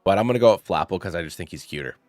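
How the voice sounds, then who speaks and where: Young male host, lowish voice, playful rambling commentary, dry close mic. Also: lively intonation, very fast, a little mellow, dry recording. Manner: rambling, playful, thinks aloud with fillers. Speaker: channel host. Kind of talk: casual gaming commentary.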